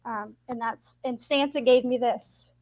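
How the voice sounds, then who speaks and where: A woman's voice: on the high side, fairly even intonation, a little slow, a little mellow, no room sound, low-quality recording. A woman from Idaho hosting her own channel, chatting casually and filling her talk with "like". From Idaho, United States. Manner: chatty, lots of "like". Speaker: channel host. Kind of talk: casual interview chat.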